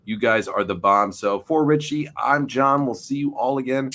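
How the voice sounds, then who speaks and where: A man's voice: mid-range voice, moderate pace, fairly bright tone. A man in his forties hosting a wrestling podcast, talking loosely and tripping over his words as he signs off. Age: 40s. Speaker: podcast host. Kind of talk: casual chat, show sign-off.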